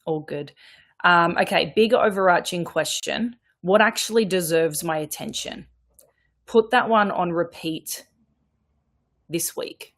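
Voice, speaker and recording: Gravelly-voiced woman guiding a group call. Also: lowish voice, a little slow, fairly bright tone. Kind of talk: casual group chat.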